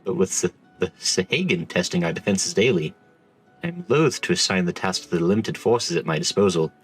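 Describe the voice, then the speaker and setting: A man voicing a formal, measured naval commander in a game, reading the lines plainly. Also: low-pitched, animated, soft background music. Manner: formal, measured, stumbles over names. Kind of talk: reading game dialogue aloud in voices.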